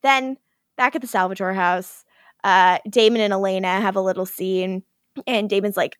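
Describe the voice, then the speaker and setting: A woman's voice: mid-range voice, fairly even intonation, moderate pace, no echo, studio quality. A woman co-hosting a podcast, animatedly retelling a TV episode and acting out the characters' lines with frequent laughter. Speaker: podcast co-host. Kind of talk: casual recap chat.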